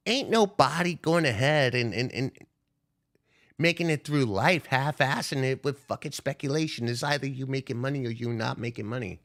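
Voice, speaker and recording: A man's voice: medium pitch, expressive, moderate pace, fairly bright tone. A young man ranting on a stock trading livestream, profane and confrontational as he calls out viewers. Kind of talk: unscripted livestream rant.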